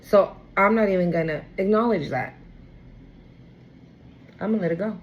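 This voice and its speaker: Reading tarot in a relaxed, outspoken way, this woman swears freely, uses slang, and animatedly voices the people she quotes. Her mid-range voice moves at a moderate pace, with dull audio and slight background noise.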